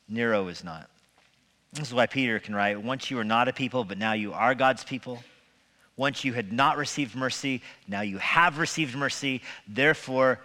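A pastor with a mid-range, pushed and bright voice preaches a sermon in a reverberant church sanctuary. His style is conversational, mixing humor with rhetorical questions.

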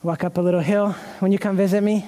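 High-voiced preaching man in a reverberant church. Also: flat delivery, quick pace, dark tone. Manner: earnest, emotional preaching with repeated restarts. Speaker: pastor. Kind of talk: sermon. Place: church sanctuary.

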